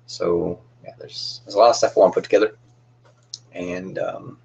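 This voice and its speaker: A man's voice: deep voice, steady tone, moderate pace, vocal fry, a little mellow, slightly rough, lo-fi sound. A young man hosting a casual cosplay livestream, chatting in a rambling, friendly way with lots of fillers and restarts.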